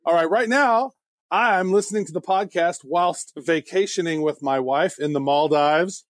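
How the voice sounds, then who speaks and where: Homme blagueur à la voix assez aiguë. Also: male voice, a little high, normal speed, dry recording, studio quality. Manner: jokey, playful. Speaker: podcast co-host. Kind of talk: casual podcast chat.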